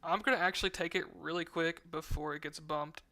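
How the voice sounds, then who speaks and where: A man's voice: fairly high pitch, fairly even intonation, a little fast, a crowd in the background. A man co-hosting a casual sports betting stream, reading stats aloud and chatting with viewers. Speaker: sports betting show co-host.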